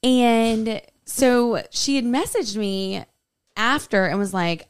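A woman co-hosting a podcast, telling a story in an animated way with frequent laughs. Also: fairly high pitch, slow pace, smooth, no room sound, studio quality. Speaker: podcast co-host. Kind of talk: casual chat.

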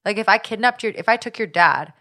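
A young woman hosting a podcast, telling a story in casual, animated chat. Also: mid-range voice, fast talker. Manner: chatty storyteller, animated retelling. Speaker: podcast host.

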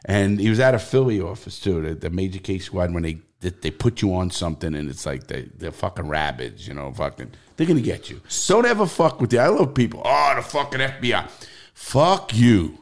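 Deep-voiced and fairly quick, he barely pauses while telling stories as a podcast guest. The middle-aged man has a New York accent and swears freely, and his casual interview storytelling is blunt, animated, and profane.

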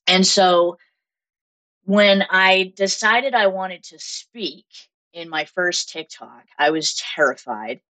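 A woman's voice: fairly low pitch, takes it slowly, bright, forceful tone, dry recording, rough recording. A young woman from Southern Massachusetts with a Massachusetts accent, chatting openly as an interview guest and laughing often. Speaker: guest, content creator. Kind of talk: casual interview talk.

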